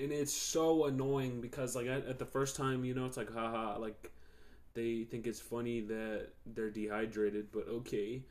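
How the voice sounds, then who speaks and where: A man's voice: mid-range voice, steady tone, normal speed. A young man hosting a podcast, telling stories in a loose, slangy, profane way and laughing often. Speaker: podcast host. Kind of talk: casual storytelling chat.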